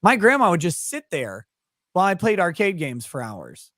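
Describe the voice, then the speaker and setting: A man's voice: sits high, wildly swooping pitch, normal speed, a bit bright, no echo, studio quality. A man hosting a casual chat with friends, telling rambling, profane stories about family and childhood. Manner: rambling storyteller, loose and profane. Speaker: host.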